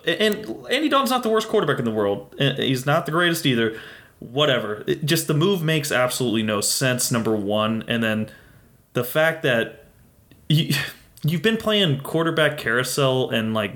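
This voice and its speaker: A man's voice: mid-range voice, animated, moderate pace, a bit bright. A man co-hosting a casual sports podcast, ranting with exasperation and plenty of profanity. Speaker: podcast co-host.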